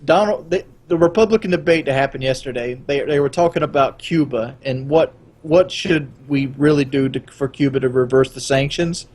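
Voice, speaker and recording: A young adult man hosting a casual podcast, rambling and animated and swearing freely. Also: mid-range voice, moderate pace, hardly any pauses. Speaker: podcast host.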